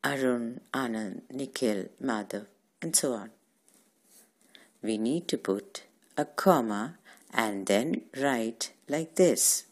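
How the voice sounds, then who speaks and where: A woman's voice: rumbling low, lively intonation, slow pace, breathy edge. A woman teacher, giving a patient grammar lesson to young children and answering her own questions. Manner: patient, asks questions and answers them herself.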